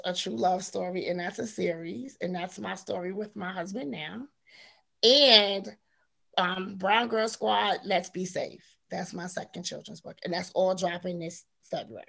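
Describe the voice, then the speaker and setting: A woman in her forties, an author guest telling her story in casual interview chat, animated and quick to laugh. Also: medium pitch, vocal fry. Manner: animated storyteller, laughs often, acts out quotes.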